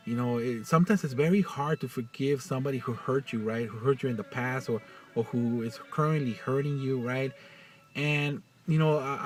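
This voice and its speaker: A man talking in a personal vlog, halting and full of restarts, getting choked up as he speaks. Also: mid-range voice, recorded from a distance. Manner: halting, many restarts and fillers. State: choked up, near tears. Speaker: vlogger.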